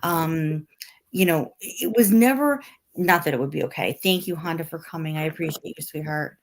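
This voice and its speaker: A woman's voice: low voice, normal speed, low-quality recording. A woman co-hosting a casual livestream chat, venting heatedly and repeating herself for emphasis. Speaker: livestream co-host.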